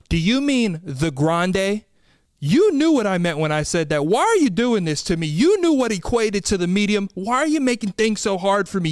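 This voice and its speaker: A man hosting a podcast, telling comedic stories in an animated, exasperated way and acting out the people in them. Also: high-pitched, smooth, no room sound, studio quality. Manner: animated, exasperated storytelling with quoted voices. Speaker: podcast host. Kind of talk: comedic storytelling monologue.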